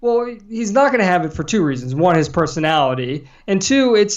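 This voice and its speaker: A man's voice: on the high side, big pitch swings, a little fast, hardly any pauses, lo-fi sound. A man co-hosting a podcast, chatting casually about the news and repeating himself for emphasis. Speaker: guest co-host.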